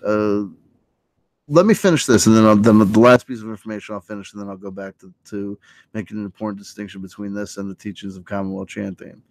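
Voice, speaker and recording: A man with a fairly low voice talks through a late-night livestream monologue, circling and restarting his thoughts. His delivery is loose and hesitant. The sound is dry and close, with no room around it. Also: quick pace, no echo. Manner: rambling, hesitant, full of restarts, animated when quoting. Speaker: livestream host.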